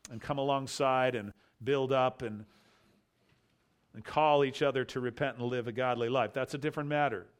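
A man preaching an expository sermon, emphatic, with rhetorical questions and quiet asides. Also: medium pitch. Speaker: pastor.

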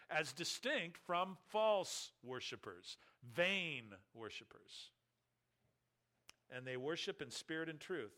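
Forceful, emphatic male preacher. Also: a little high. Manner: emphatic, slows down to stress key phrases. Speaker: pastor. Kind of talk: sermon.

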